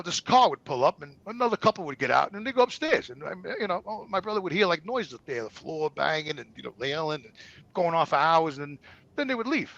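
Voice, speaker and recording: A man with a very high, gravelly voice tells his story as a guest. His tone is bright and forceful, and he talks bluntly, swears often and repeats himself. The sound is dry and close. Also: no room sound, lo-fi sound. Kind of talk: profane emotional storytelling.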